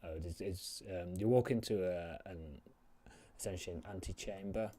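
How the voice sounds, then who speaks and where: A man's voice: deep voice, moderate pace, mellow. A man narrating a tabletop game as game master, rambling with lots of fillers as he describes scenes.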